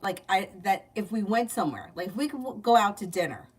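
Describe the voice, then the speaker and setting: A woman's voice: medium pitch, animated, brisk, husky. A woman giving tarot readings in a casual livestream, chatty and candid, laughing often. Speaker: tarot reader. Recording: distant mic, faint background noise.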